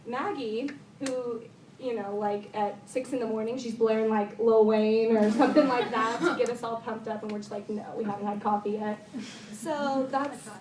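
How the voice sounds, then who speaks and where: Speaking at a golf banquet, this high school girl has a fairly high voice with fairly even intonation and a moderate pace, while a crowd murmurs behind her. Her thank-you speech is sincere, bubbly, and meandering, full of "like" and "um." The recording is distant and echoey, with heavy room ambience.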